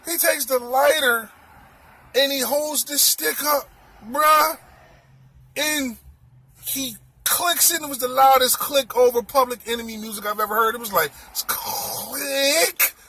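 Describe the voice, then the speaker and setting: A man telling a comic story in an animated, exclaiming way, repeating his words. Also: extremely high pitch, measured pace.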